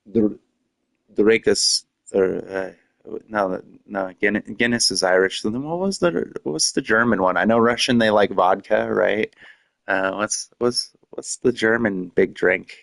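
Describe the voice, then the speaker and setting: A man's voice: fairly low pitch, unhurried, creaky, a bit bright, no echo. A man chatting casually on a live stream, rambling with many fillers and frequent laughs.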